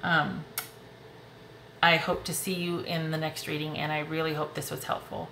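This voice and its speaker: A woman's voice: low-pitched, flat delivery, moderate pace, gravelly, fairly bright tone, roomy sound, slight background noise. A woman giving a casual tarot reading to camera in a reassuring, emotional way that breaks into laughs. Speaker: tarot reader. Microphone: close desk mic.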